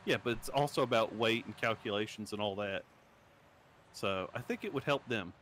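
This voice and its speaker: A man's voice: fairly low pitch, moderate pace, a bit bright, a little hiss or hum. A man co-hosting a casual group podcast, joking around and laughing often. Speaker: podcast co-host.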